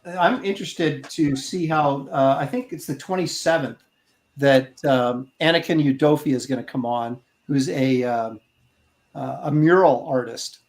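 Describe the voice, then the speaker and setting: Rambling man in an echoey room. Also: mid-range voice. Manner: rambling, halting storyteller. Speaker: podcast host. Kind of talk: casual chat.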